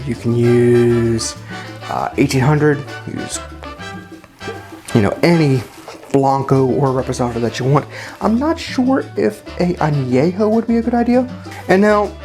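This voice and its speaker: Chatty man giving a cocktail tutorial. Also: mid-range voice. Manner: chatty and informal, with many fillers and self-corrections. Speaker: home bartender demonstrating cocktails.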